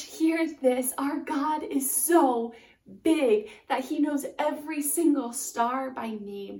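A woman preaching a sermon to a church, slow and deliberate with emphatic pauses. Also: high voice, darkish tone. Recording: echoey room, voice from a distance.

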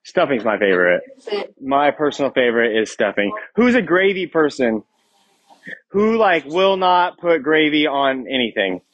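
A man's voice: mid-range voice, sing-song, moderate pace, fairly bright tone, no echo, dull audio. A man in his thirties giving a casual, joking sermon to a youth group as youth pastor, often asking the crowd questions. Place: church youth room.

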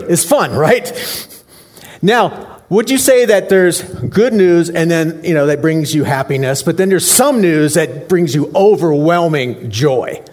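A man's voice: a little high, lively intonation, unhurried, darkish tone. A male pastor giving a Christmas Eve sermon in a joking, conversational way, asking the congregation questions.

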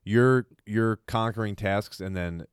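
A man's voice: lowish voice, unhurried, smooth, dry recording, clean studio sound. A man in casual chat, musing reflectively about motivation with many "like" fillers.

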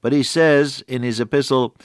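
A man's voice: mid-range voice, steady tone, normal speed, no echo, clean studio sound. A man preaching a radio sermon in a folksy, earnest way, stretching out key words for emphasis.

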